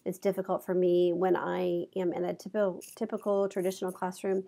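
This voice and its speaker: Gravelly lady teacher, kinda stuffy w allergies, dark mellow tone, chatty lecture into a clip mic. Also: on the low side, flat delivery, fairly quick. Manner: conversational, with examples and fillers. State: congested from allergies. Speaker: college instructor. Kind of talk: recorded lecture. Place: office.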